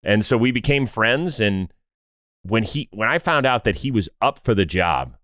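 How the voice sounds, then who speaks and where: A man guesting on a podcast, talking casually and acting out what others said in lowered voices. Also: moderate pace, no echo, clean studio sound. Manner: animated storyteller, acts out quotes in lowered voices. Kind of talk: casual conversation.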